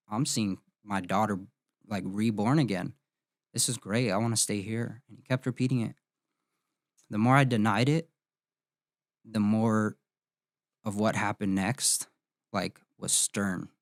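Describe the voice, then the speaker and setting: A man in his thirties, a podcast host, telling a painful personal story in an emotional, halting way with many restarts. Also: lowish voice, no room sound, studio quality.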